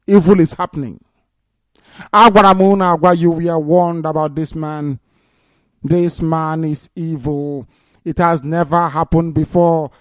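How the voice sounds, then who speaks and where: Here a radio broadcaster with an Igbo Nigerian accent mocks the news, his slightly high voice smooth and free of room sound. Sarcastic and quick to laugh, he slips Igbo into English and flares into indignant outbursts.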